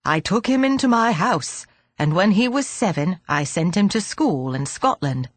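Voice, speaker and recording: A woman's voice: fairly low pitch, sing-song, normal speed, no room sound. A woman reading an audiobook, voicing a very old man who speaks dryly and fretfully. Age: older. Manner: dry, fretful.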